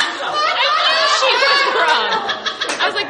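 Woman comic, very high and lively, unhurried stand-up storytelling, loud crowd behind. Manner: animated, laughs often between lines. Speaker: comedian. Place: live comedy venue. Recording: loud audience and noise.

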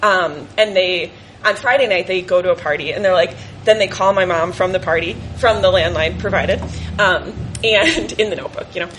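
A young adult woman telling a personal story to an audience, animated and laughing often as she acts out her family. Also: lowish voice, moderate pace, background noise.

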